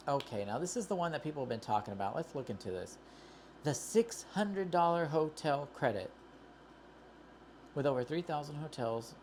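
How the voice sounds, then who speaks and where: A woman with a notably low voice rambles through an exasperated complaint, restarting her sentences as she goes. It is a casual review vlog, with faint noise in the background. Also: darkish tone. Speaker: credit card reviewer.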